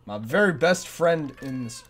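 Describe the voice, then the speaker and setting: A man's voice: fairly high pitch, expressive, a little slow, fairly bright tone, a little hiss or hum. Panicky man doing game commentary. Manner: frantic, self-mocking, repeating "no" in panic. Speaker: gameplay commentator. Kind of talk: let's play commentary.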